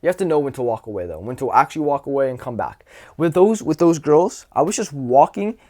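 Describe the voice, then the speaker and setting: A man's voice: medium pitch, lively intonation, fairly quick, darkish tone. A young man giving casual social advice, loose and profane, acting out little anecdotes with quoted voices. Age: young adult. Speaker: social skills coach.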